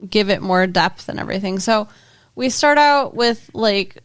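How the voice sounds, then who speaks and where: A woman's voice: medium pitch, normal speed, clear, resonant tone. A woman co-hosting a podcast, chatting casually about a movie in a blunt, teasing way. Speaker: podcast co-host. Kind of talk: casual movie-review chat.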